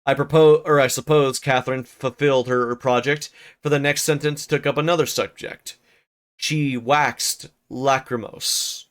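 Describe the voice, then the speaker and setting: A man's voice: mid-range voice, fairly even intonation, a little slow, clean tone. A man reading a classic novel aloud on a livestream, with stumbles, rereads and casual asides. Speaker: streamer narrating a novel.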